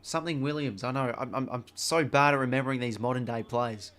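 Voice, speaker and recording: A young Australian man hosting a casual live watch-along stream, rambling and chatty, dropping swear words as he goes. His voice sits at an ordinary pitch for a man, with relaxed, offhand delivery. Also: a little fast.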